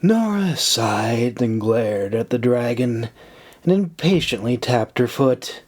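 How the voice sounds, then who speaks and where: Slow, measured male audiobook narrator. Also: mid-range voice, expressive, a little mellow. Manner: measured, unhurried reading.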